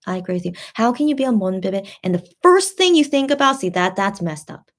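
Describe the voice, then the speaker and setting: A young adult woman hosting a casual livestream, reading out viewer comments and talking them through in a halting, comforting way with many restarts. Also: mid-range voice, expressive. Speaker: livestream host reading fan chat.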